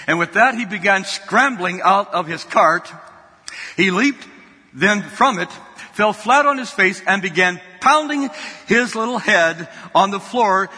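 A man's voice: high-pitched, animated, measured pace, pushed and bright, husky. A man preaching a sermon, telling a folksy story and often repeating his words. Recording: long hall reverb.

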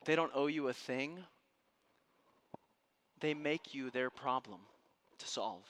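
A man preaching a sermon to a room and listeners at home, telling a story with passion and dropping from loud to hushed. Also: mid-range voice, slow, a little hiss or hum. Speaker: pastor. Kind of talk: sermon to a live congregation. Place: room with an audience.

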